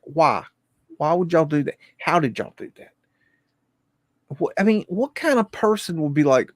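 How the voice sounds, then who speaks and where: A man hosting a livestream, talking in an excitable, profane, rambling way. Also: on the high side, moderate pace, dry recording, clean studio sound. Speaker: livestream host. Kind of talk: casual livestream commentary.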